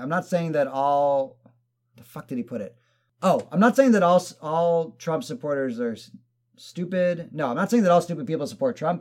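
A man telling stories in casual chat, animated and profane, acting out other people's lines. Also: fairly high pitch. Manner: animated storyteller, swears, acts out quotes.

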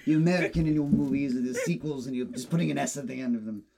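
A man co-hosting a relaxed podcast conversation. He teases the others with dry, bantering remarks and keeps an easy conversational tone. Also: mid-range voice, fast, creaky, a crowd in the background. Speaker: podcast co-host. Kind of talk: casual chat.

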